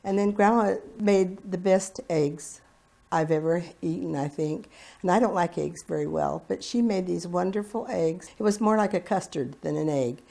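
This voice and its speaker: A woman muses fondly over a family memory. Her voice is lowish and mellow, with a gravelly edge. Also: moderate pace. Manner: musing, fond. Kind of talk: oral history reminiscence.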